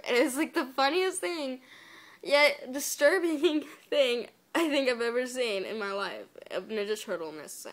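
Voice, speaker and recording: A woman's voice: high voice, lively intonation, a little slow. Chatty exasperated woman reviewing cartoons. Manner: chatty, exasperated, fond of "like", with whispered asides. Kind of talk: casual spoiler review.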